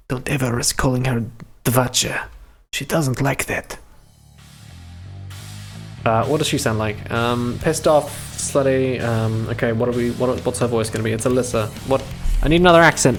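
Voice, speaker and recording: A man's voice: medium pitch, creaky. A young man live-streaming a visual novel, reading the text aloud and breaking off into chatty, profane commentary.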